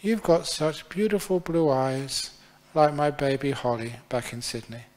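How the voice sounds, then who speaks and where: A man doing a calm, kind woman who speaks softly and earnestly. She is gentle and sincere. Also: on the high side, measured pace, lightly acted. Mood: tender.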